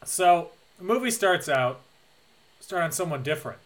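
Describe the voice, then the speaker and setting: Male co-host, bright tense voice, wry and joking in casual chat. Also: on the high side, lively intonation, moderate pace. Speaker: podcast co-host.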